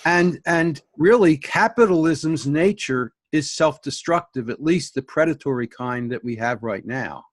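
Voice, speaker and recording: A man's voice: a little high, expressive, unhurried, few pauses, no room sound. Male host, conversational, storytelling, dry close sound. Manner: conversational, tells stories. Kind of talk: interview hosting.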